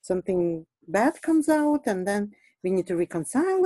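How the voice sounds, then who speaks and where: A woman talks through an art lesson as she draws. Her voice is mellow and soft-edged, and the sound is close and dry with no room around it. She is chatty, laughs easily and often pauses on fillers. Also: medium pitch, big pitch swings, no room sound, low-quality recording. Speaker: art instructor. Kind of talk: casual teaching while drawing.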